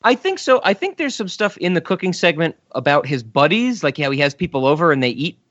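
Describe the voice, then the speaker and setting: A man co-hosting a podcast, chatting casually and animatedly, with quick asides and frequent laughter. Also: fairly high pitch, very animated, fairly bright tone, no room sound, dull audio. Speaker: podcast co-host. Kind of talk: casual chat about sketch comedy.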